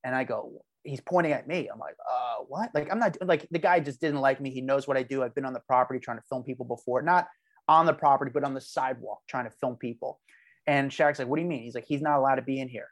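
Fast-talking, animated man spinning a yarn. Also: medium pitch. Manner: animated storyteller, acts out quoted lines. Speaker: podcast guest. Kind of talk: casual podcast chat.

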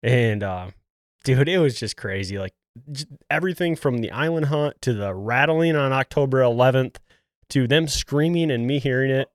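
A man's voice: mid-range voice, moderate pace, dry recording, studio quality. A man hosting a podcast, casually and animatedly telling a hunting story with a lot of "dude.". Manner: animated, acts out quotes, says "dude" often. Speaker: podcast host.

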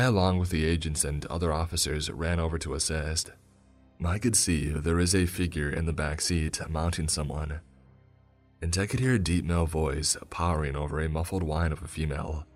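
A man with an extremely low voice narrates a tense first-person story. His delivery is steady and grave. Faint music runs underneath.

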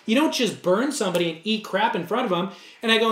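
A man with a high voice tells a story on a podcast, with lively, animated delivery. He acts out the dialogue himself in casual chat. The room around him sounds echoey. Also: quick pace. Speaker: podcast co-host.

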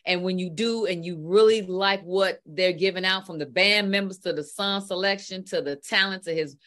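A woman's voice: on the low side, normal speed, fairly bright tone. A woman co-hosting a talk show, telling a story with enthusiasm in casual chat.

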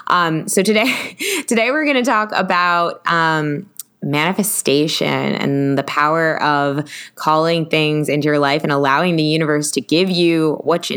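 Casting: female podcast host, low voice, casual, rambling, giggly. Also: a bit bright, clear, resonant tone. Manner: chatty, full of fillers, quick to laugh. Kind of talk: casual chat.

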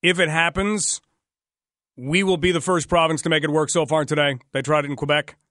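A man's voice: a little high, fairly even intonation, fairly quick, fairly bright tone, dry recording, clean studio sound. A man from Canada hosting a radio talk show, chatty and sarcastic, sometimes joking in mock voices.

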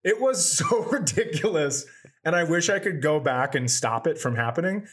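A man's voice: a little high, animated, moderate pace, fairly bright tone, breathy edge. A man co-hosting a comedy podcast, telling rambling stories in casual chat and acting out the voices of people in them. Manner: rambling storyteller, acts out quotes. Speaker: podcast co-host.

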